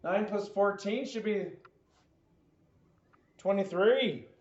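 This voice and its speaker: High-voiced man teaching math in an echoey room. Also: slow pace, a little mellow. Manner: playful, quizzing the listener with jokey asides. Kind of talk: homework walkthrough lesson. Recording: echoey, dull lo-fi recording.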